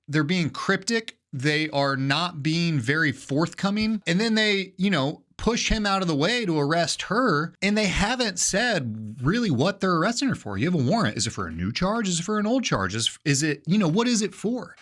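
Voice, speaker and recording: A man's voice: high voice, sing-song, moderate pace, a bit bright. A man, an attorney, casually talking through bodycam footage, explaining things step by step with frequent "you know" and "right?". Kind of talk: casual legal commentary.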